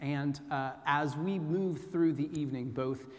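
American preacher in a reverberant hall. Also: male voice, on the high side, measured pace. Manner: chatty, self-deprecating, storytelling. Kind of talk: informal sermon.

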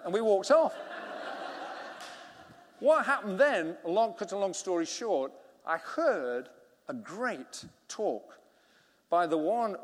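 A middle-aged man, preaching a sermon as a vicar and telling a story with acted-out dialogue. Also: high-pitched. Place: church hall. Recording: long reverb of a church hall.

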